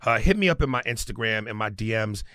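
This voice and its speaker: A man's voice: on the low side, expressive, fast, a bit bright, dry recording, studio quality. A man on a podcast telling a comedic story with lots of energy, acting out the scenes as he goes. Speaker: podcast guest.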